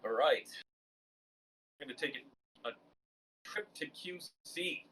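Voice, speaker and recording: A man's voice: a little high, animated, unhurried, pushed and bright, husky, low-quality recording. A man hosting a podcast in casual chat, punchy as he introduces segments.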